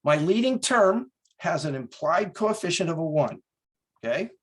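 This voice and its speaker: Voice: medium pitch, expressive, moderate pace, husky, low-quality recording. A math instructor giving a classroom lecture in a folksy way, checking in with students and slipping in small jokes.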